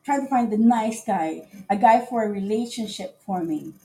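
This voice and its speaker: A woman hosting a casual live podcast, telling a dating story in an animated way, often laughing and acting out what people said. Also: mid-range voice, moderate pace.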